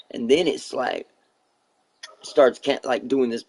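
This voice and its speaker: A man's voice: mid-range voice, slow pace, gravelly, pauses often, breathy edge, dry recording. A man live streaming who tells a rambling, profane story in casual chat, acting out the other people's lines as he goes. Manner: profane, rambling, animated retelling with quoted dialogue.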